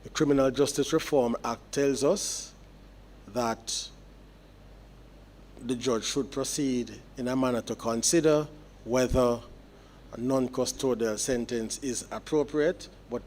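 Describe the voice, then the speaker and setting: A man, a judge delivering sentencing remarks in court in a measured, explanatory way with deliberate pauses. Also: mid-range voice, a little mellow, slight background noise.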